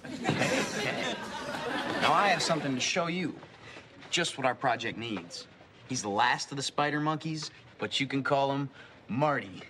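A man's voice: medium pitch, big pitch swings, a little slow, crowd noise, background noise. A young actor playing an earnest, goofy teenage boy who talks eagerly.

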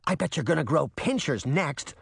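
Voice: medium pitch, lively intonation, normal speed, creaky, husky, no room sound, studio quality. A reader doing a cheeky little sister. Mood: teasing. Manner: wisecracking, bright and chirpy. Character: cheeky teasing younger sister. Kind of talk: audiobook reading.

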